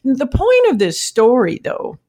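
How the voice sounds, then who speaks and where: Woman, fairly high voice, very lively pitch, laughs through her stories, marketing leader telling an anecdote. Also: a little slow. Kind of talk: animated anecdotal storytelling.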